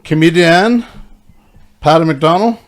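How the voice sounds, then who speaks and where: A man with a Belfast accent hosting a casual podcast, a loud talker who laughs a lot. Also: on the high side, slow pace. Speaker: podcast host.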